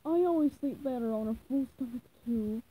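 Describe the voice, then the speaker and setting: A woman voicing a greedy, gruff old male crab who runs a diner, booming and money-loving, in a storybook reading. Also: moderate pace, phone-quality sound. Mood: fond.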